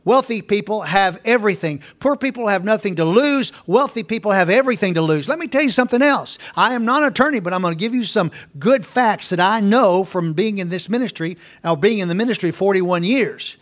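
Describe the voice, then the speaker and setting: Man, 60s, minister, high voice, folksy storytelling sermon, repetitive and emphatic. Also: animated, brisk, few pauses, fairly bright tone.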